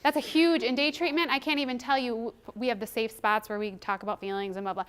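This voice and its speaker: Woman presenter, high voice, animated trainer who acts out quotes. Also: fast talker, hardly any pauses.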